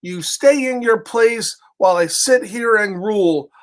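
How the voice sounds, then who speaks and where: A man voicing a bossy, boastful male turtle king, loud and commanding as he reads a storybook aloud. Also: high voice, measured pace.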